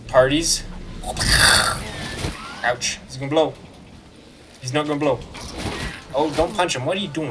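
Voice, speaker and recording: A man giving casual, excitable commentary while playing a video game, joking and talking back to the game. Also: on the high side, a little slow, pauses often, far from the mic, background noise. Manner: excitable, jokey, talks to the game. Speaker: let's play gamer.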